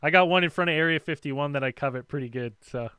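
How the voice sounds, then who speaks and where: An upbeat, chatty male host running a call-in show. His voice is a little higher than most men's and sounds smooth and clear, recorded dry and close with no room echo. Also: fast, sharp tone. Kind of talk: casual chat.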